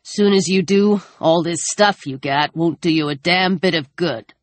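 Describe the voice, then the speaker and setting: A woman voicing a gruff, menacing male scavenger who speaks in curt, sneering bursts. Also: a little high, measured pace, no echo, close to an everyday voice. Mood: hostile.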